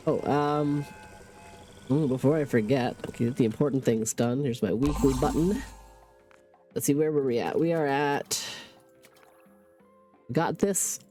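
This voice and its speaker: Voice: medium pitch, animated, a little slow, pauses often, dark tone, soft background music. A livestreamer with a stuffy nose from a cold, chatting casually while playing a game and talking through each in-game task aloud. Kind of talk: casual gaming stream chat.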